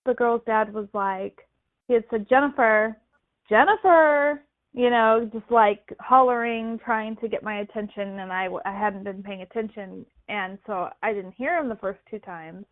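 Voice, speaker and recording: A woman's voice: mid-range voice, moderate pace, no room sound. A woman co-hosting a podcast, telling a campfire-style personal story in casual chat and acting out the voices she quotes. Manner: animated, acts out quoted voices. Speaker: podcast co-host. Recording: dry, phone-like line.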